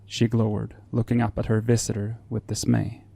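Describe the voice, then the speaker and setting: Guy reading creepy stories, flat monotone, dark mellow voice, slow and measured. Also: lowish voice, vocal fry, husky. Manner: slow, measured, solemn delivery. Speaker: narrator. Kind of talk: scripted horror-fiction narration.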